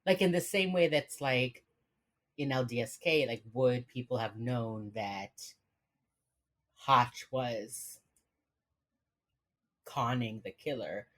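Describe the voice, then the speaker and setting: Low-voiced laughing woman podcaster. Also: slow pace, long pauses. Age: young adult. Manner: laughs often, relaxed and chatty. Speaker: podcast co-host. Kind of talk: casual chat. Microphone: remote video call.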